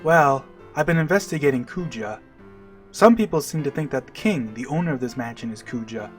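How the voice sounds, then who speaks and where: A man reading the lines of a gruff, guarded male mercenary from a video game in a curt, flat way. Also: mid-range voice, a little fast, faint music behind, natural voice.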